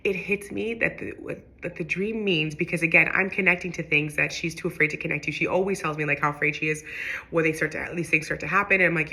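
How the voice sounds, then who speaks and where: Young woman with a gravelly, bright voice. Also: low voice, fast. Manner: rambling, animated storytelling with frequent fillers and restarts. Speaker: spiritual vlogger. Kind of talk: casual storytelling monologue.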